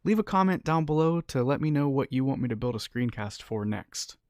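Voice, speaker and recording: A man's voice: medium pitch, animated, fairly quick, a little mellow, no echo, clean studio sound. A man presenting a casual, upbeat screencast walkthrough as a developer tutorial host.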